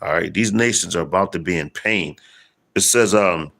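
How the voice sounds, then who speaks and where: Speaking low with a creaky texture and a touch of brightness, this man preaches in an easygoing street manner, slangy and foul-mouthed. Every so often he halts to read scripture slowly, stressing the words.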